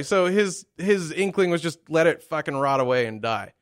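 A young man co-hosting a casual comedy podcast, crude and profane, getting loud when he cares about something. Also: fairly high pitch, animated, moderate pace. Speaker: podcast co-host.

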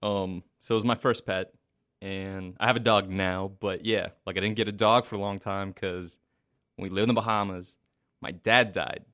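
A man's voice: deep voice, steady tone, normal speed, a bit bright, dry recording. A man co-hosting a casual podcast, telling a story in a dry, teasing, laid-back way. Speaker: podcast co-host.

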